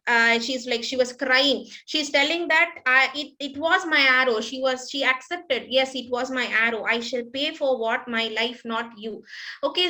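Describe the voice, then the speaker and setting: A woman's voice: high-pitched, sharp tone. A woman teacher, retelling a story to a class and explaining each part simply, with many fillers.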